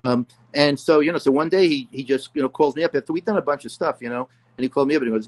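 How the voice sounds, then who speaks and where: Older guy rambling thru music stories, lots of you know, talks in a middle-pitched voice. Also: very fast, hardly any pauses. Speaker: guest musician. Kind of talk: casual storytelling interview.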